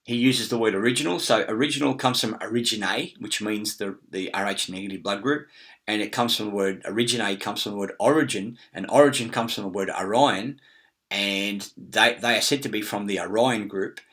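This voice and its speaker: A man's voice: lowish voice, moderate pace, a bit bright. A middle-aged man, rambling in a casual monologue with many fillers, restarts and frequent swearing. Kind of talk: casual screen-share monologue.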